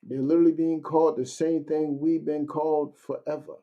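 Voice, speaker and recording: A man's voice: fairly high pitch, flat delivery, dull audio. Man teaching a casual Bible class. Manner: conversational, keeps asking "you know what I'm saying"; reads verses slowly and deliberately.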